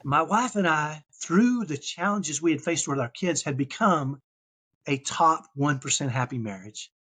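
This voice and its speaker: A man's voice: fairly high pitch, animated, measured pace, sharp tone, breathy edge. A man in his fifties, a podcast guest, telling his story in an earnest, conversational way and checking in with "right?". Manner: earnest, tags points with "right?".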